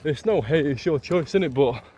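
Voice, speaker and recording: Excitable Yorkshire man vlogging outdoors. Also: fairly high pitch, normal speed, muffled recording, slight background noise. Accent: Yorkshire English. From Leeds, England. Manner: excitable, gushing, repeats phrases and fillers. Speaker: travel vlogger. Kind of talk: casual vlog to camera.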